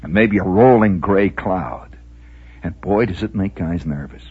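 A man's voice: low-pitched, measured pace, breathy edge, narrow, tinny audio. A man from the Midwest telling a rambling, folksy radio monologue with mock-grand asides. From American Midwest, Indiana.

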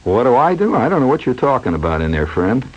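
A man's voice: mid-range voice, very animated, fast, slightly rough. A man hosting a rambling radio monologue from a studio, a wry storyteller musing aloud with asides and fillers, heard on a dull lo-fi old broadcast. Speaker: radio host.

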